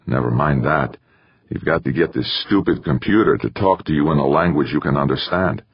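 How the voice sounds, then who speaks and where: Exasperated explorer, terse, husky and lively in pitch, a male narrator's take; dull, dry sound. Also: moderate pace, no echo, exaggerated voice. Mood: muttering. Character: stressed male explorer stuck with a stubborn computer.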